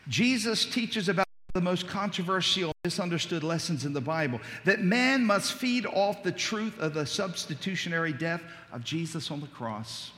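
A man's voice: high voice, expressive, normal speed, hardly any pauses, bright, forceful tone, slight background noise. Fervent preacher man in a reverberant hall. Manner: builds to fervent, rising litany. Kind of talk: sermon.

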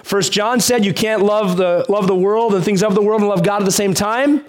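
A man's voice: high-pitched, moderate pace. A man preaching a sermon in a conversational way, asking the congregation questions and telling a story from his childhood. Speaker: pastor.

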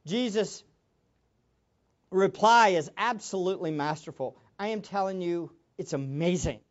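A man's voice: sits high, measured pace, highs cut off. A man preaching a sermon as a pastor, emphatic, with much repetition for stress.

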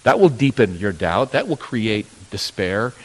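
A man preaching a sermon, telling a Bible story and acting out its characters in sudden loud bursts. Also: on the low side, big pitch swings, unhurried. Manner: storytelling, acting out voices of biblical figures with sudden loud rises. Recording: long hall reverb.

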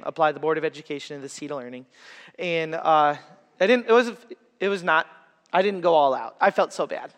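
Pastor in his thirties with a high voice, earnest conversational sermon, echoey church hall. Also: fairly bright tone. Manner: earnest, conversational preaching with personal stories and humor.

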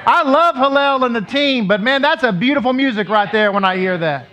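A man's voice: extremely high pitch, brisk, bright, forceful tone. A man leading his congregation as rabbi, giving a sermon in a conversational way and asking them questions, heard in a synagogue sanctuary. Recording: dull lo-fi recording.

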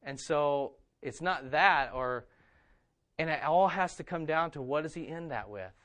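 Casting note: male pastor, high voice, earnest emphatic sermon delivery with repetition, sinking quiet when reflective. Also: measured pace.

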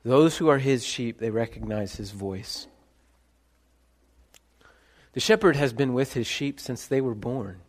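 A pastor preaching a sermon, swinging between hushed reflection and loud, ringing calls. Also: male voice, medium pitch, lively intonation, unhurried, long pauses. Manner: dramatic shifts between soft and loud, calling out names.

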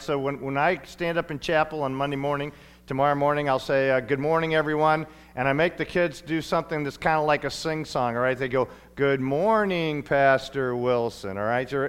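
A man's voice: mid-range voice, clear, resonant tone. A middle-aged man preaching a sermon in a church, folksy and playful, often stumbling and restarting his sentences. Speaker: pastor. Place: church sanctuary.

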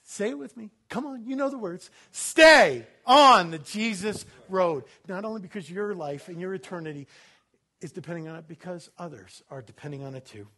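Man, pastor, sermon, very high voice, animated, loud laughing bursts, solemn low scripture reading. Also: fast talker.

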